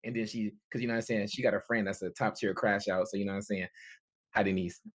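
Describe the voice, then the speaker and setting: A man's voice: on the low side, fairly even intonation, fast talker, no room sound, clean studio sound. A young man in a casual group voice chat, retelling what happened with lots of slang fillers and laughter.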